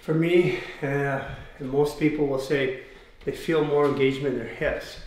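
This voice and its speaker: A man leading a guided fascia exercise class, giving calm step-by-step cues and explaining as he goes. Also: mid-range voice, normal speed. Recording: roomy echoey room.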